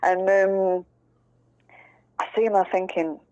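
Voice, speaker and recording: A woman talks frankly and chattily in a relaxed interview, swearing now and then. Her voice is mid-pitched. The recording sounds dull, lo-fi and dry. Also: brisk, dry recording. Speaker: guest, prisoner's fiancée. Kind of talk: casual storytelling interview.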